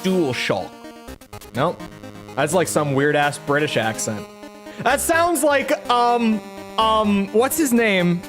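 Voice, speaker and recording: Woman streamer, casual chat, unhurried delivery, keeps correcting herself. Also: medium pitch, big pitch swings, soft background music. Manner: rambling, self-correcting, chatty. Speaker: game streamer.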